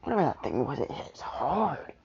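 Very low-voiced rambling woman storyteller. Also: big pitch swings, normal speed, vocal fry, a little mellow, lo-fi sound. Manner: rambling, full of "you know" and "anyway". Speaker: storyteller vlogger. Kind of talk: casual fan-story narration. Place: at home with family around.

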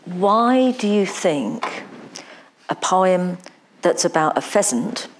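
A woman's voice: on the low side, lively intonation, slow pace, a little hiss or hum. A woman tutor running a mock admissions interview, repeating words as she asks probing questions. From England.

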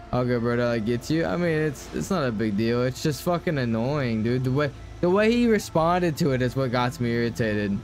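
Young male streamer, mid-pitched, sweary and venting to chat over faint music. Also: animated, normal speed. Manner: profane, ranting to chat. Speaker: game streamer. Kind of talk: casual live-stream chat.

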